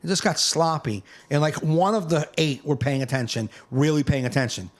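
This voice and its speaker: A man hosting a comedy podcast, telling stories in a lively way, swearing freely and acting out the people in them. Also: fairly high pitch, moderate pace. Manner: animated storytelling, swears freely, acts out voices. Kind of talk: casual podcast chat.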